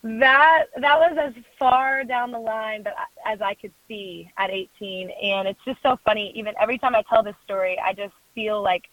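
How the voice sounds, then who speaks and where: Young woman, guest storyteller, lively, laughs a lot, tinny phone-like sound, dry. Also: on the high side, moderate pace, few pauses, dry recording. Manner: animated storyteller who acts out quoted voices and laughs often. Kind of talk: storytelling in a conversational interview.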